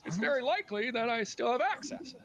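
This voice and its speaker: A man voicing a timid old mayor and fretful husband who stammers, pleads and breaks into song in an animated film. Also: extremely high pitch, a little fast, background noise. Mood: explaining.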